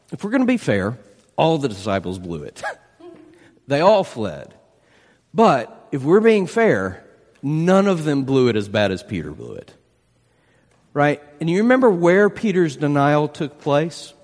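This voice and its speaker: Male pastor, emphatic sermon delivery, expressive pitch, reverberant hall sound. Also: unhurried, pauses often. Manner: animated, emphatic preaching with rhetorical questions.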